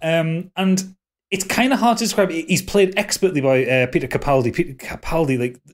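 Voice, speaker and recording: A man's voice: fairly high pitch, fairly quick. A man with a Geordie accent hosting a podcast in casual chat, rambling with fillers and restarts. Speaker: podcast host.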